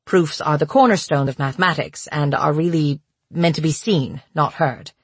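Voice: medium pitch, husky, dry recording, natural voice. A narrator voicing a nervous young male academic with a vaguely British accent. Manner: nervous, halting delivery.

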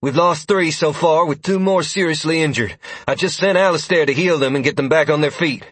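A male narrator voicing an impatient blonde female adventurer in an audiobook, reporting in a brisk, clipped way. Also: low-pitched, breathy edge, dry recording, pitched above the performer's own voice. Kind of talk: audiobook character voice.

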